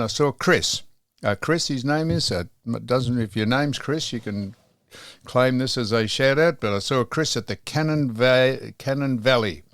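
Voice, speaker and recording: A man's voice: fairly low pitch, no echo, studio quality. An older Australian man hosting a podcast in casual chat, rambling with many ums and restarts. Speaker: podcast host.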